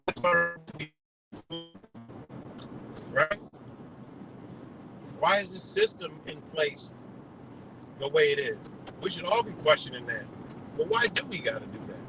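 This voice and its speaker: A man's voice: on the high side, wildly swooping pitch, a little slow, creaky, pauses often, music in the background, rough recording. A man on a live stream delivering a heated, profane rant full of rhetorical questions. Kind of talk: ranting monologue.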